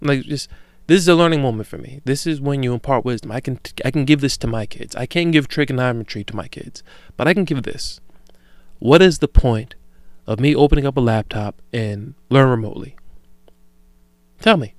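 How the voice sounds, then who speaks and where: Podcast host, thirties, male; smooth, dry close-mic sound; profane storyteller who acts out both sides of a conversation. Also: mid-range voice, a little fast, dry recording. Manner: profane, animated storytelling with imagined dialogue; grows loud and heated when worked up. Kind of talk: solo rambling podcast talk.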